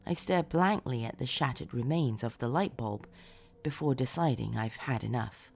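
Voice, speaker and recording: A woman narrating a first-person horror story in a dramatic, expressive way, moving between hushed lines and shouts. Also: rumbling low, moderate pace, gravelly.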